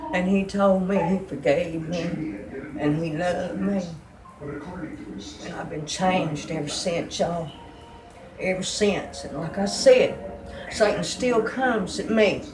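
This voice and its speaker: A woman's voice: fairly low pitch, roomy sound, background noise. A woman giving a fervent, emotional religious testimony.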